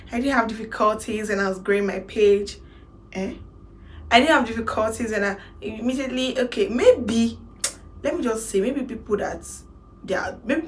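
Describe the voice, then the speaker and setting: A woman in her twenties with a Nigerian accent, telling her own story in a casual vlog, animated and slipping into Pidgin phrases. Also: mid-range voice, a little hiss or hum. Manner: animated, mixes in Pidgin, laughs to hold back tears. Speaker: makeup artist vlogger.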